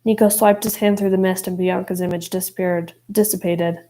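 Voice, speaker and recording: A woman's voice: lowish voice, fairly even intonation, a little fast, dark tone, rough recording. A woman narrating an audiobook expressively, voicing each character. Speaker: audiobook reader.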